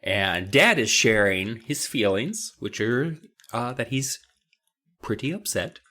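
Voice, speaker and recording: A man's voice: mid-range voice, lively intonation, slow pace, sharp tone. A man co-hosting a podcast who recaps a story in casual chat with wry, profane, jokey asides. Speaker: podcast co-host.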